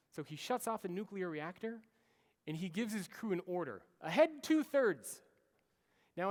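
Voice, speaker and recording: A man in his thirties giving a storytelling keynote speech, acting out the lines he quotes. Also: high-pitched. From United States. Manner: animated storyteller, acts out quoted orders. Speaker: keynote speaker. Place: large conference hall. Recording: long hall reverb.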